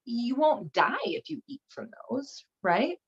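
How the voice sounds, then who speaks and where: A woman voicing a smooth-talking male serpent who coaxes in a breezy, high voice. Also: big pitch swings, slow, lo-fi sound, full character voice. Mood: coaxing.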